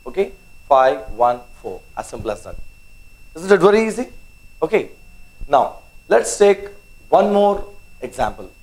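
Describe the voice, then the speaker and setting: A man's voice: on the high side, low-quality recording. Man teaching, checking in with "okay?". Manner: repeats "okay?" often, spells out words letter by letter; coaxing, urges students on. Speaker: maths teacher. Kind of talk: online lesson.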